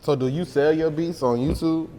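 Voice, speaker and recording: A man interviewing a guest, asking questions in a relaxed, conversational way. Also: a little high, normal speed, big-room sound. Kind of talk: casual interview.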